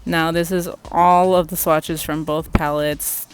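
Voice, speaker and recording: A young woman vlogger casually reviewing makeup, gushing and excitable and swearing freely. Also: low-pitched, measured pace, noisy background. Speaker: beauty vlogger.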